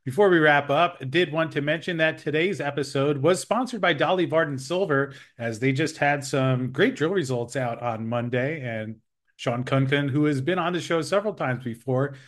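A man hosting a weekly show, chatting on a call in a playful, giggly way with quick asides. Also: fairly high pitch, a bit bright. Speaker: show host. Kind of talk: casual chat. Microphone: remote call.

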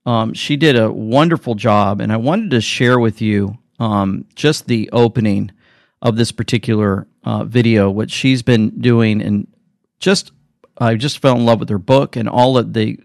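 Gravelly-voiced male show host. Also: lowish voice, fairly even intonation, moderate pace, darkish tone, no echo, studio quality. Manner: chatty, earnest, preachy. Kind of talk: casual commentary.

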